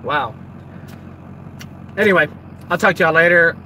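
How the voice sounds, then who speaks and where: A man's voice: a little high, measured pace, pushed and bright, slight background noise. A middle-aged man, chatting casually and a little rambly on a live stream, talking straight to his viewers from outdoors by a dumpster into a handheld phone. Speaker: junk removal business owner streaming live.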